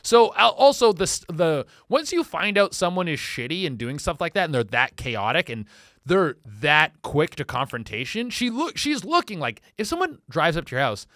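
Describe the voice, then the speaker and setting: A man hosting a comedy podcast, telling a story in a profane, animated rant with sudden loud outbursts. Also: fairly high pitch, moderate pace, no room sound, clean studio sound.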